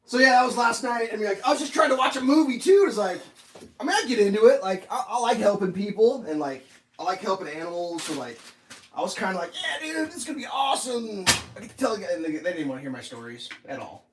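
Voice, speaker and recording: A man's voice: high voice, fast talker, slight background noise. A young man casually telling a story while cooking breakfast, acting out the voices of the people in it. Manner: animated, acts out quoted voices. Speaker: vlogger.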